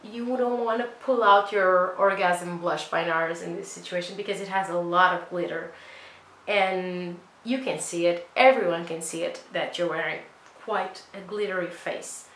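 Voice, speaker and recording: Doing her makeup on camera, a young woman who makes beauty vlogs talks in a chatty, self-deprecating way full of rambling asides. Her voice is lowish and a bit bright at a normal pace, captured in a roomy, low-quality recording.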